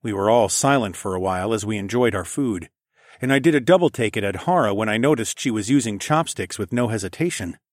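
A man reading a first-person novel aloud in a calm, even storytelling manner. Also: lowish voice, a little fast, no echo, studio quality. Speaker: audiobook narrator. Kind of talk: first-person scripted narration.

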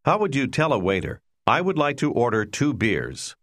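A man narrating a language course in a scripted, instructional way, giving clear, measured prompts. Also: mid-range voice, sing-song, fairly bright tone, no echo, clean studio sound.

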